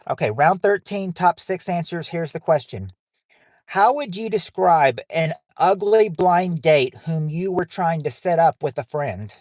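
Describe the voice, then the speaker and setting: A man's voice: on the high side, expressive, measured pace, a little mellow, no room sound, studio quality. A man hosting a livestream game night on his phone in a casual, rambling way, reading out viewers' names and answers.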